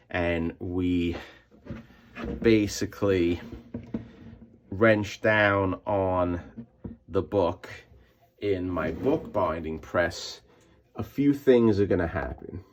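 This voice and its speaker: A man walking viewers through a hands-on comic book restoration in a chatty way, repeating himself as he works. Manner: makes squeaky sound effects in a high voice. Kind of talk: casual hands-on tutorial.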